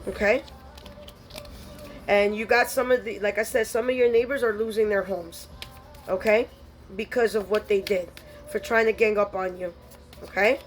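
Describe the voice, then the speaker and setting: A woman's voice: mid-range voice, fairly even intonation, normal speed, pauses often, faint music behind. A woman giving a spiritual tarot reading, blunt and scolding, full of streetwise slang. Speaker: tarot reader.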